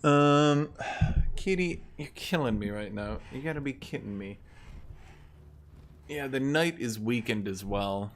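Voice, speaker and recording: A man's voice: on the low side, expressive, a little slow, slight background noise. A man giving casual commentary while playing a strategy game, with wry, exasperated asides. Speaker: gaming streamer.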